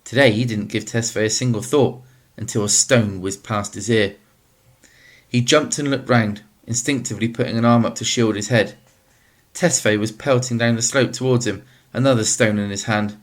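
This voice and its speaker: A man reading a novel aloud as narrator, in a steady, measured way. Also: lowish voice. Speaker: audiobook narrator.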